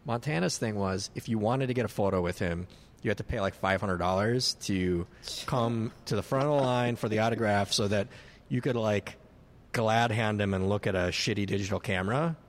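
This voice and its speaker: A man in his late thirties telling a swearing, animated story in casual chat, acting out the people he quotes. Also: lowish voice, moderate pace. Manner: animated anecdote teller, swears freely, acts out shouted quotes.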